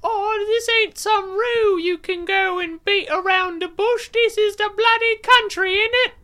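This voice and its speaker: A podcaster putting on a grumpy old Australian bloke who shouts and scolds. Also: very high-pitched, unhurried, pitched above the performer's own voice, heavily acted. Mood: blustery scolding. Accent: put-on Australian.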